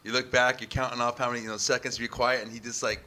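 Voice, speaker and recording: A man videographer chatting casually, acting out quotes in an animated way and swearing as he tells a story. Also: mid-range voice, racing. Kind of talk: casual chat.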